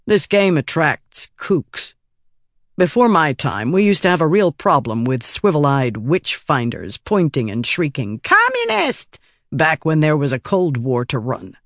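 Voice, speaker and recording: A weary, cynical middle-aged intelligence boss in an audiobook, sardonic and exasperated, swearing freely, as a male narrator puts him on. The voice sits a little high for a man, recorded dry and close. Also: no room sound. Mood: ranting. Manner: sardonic and exasperated, with crude language.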